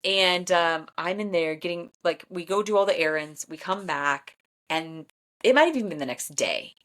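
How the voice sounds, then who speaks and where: A woman in her thirties hosts a podcast, telling stories in a casual chat. She speaks bluntly and with animation, laughing often. Her voice sits somewhat low for a woman. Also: lively intonation, normal speed, fairly bright tone. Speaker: podcast host and Enneagram coach.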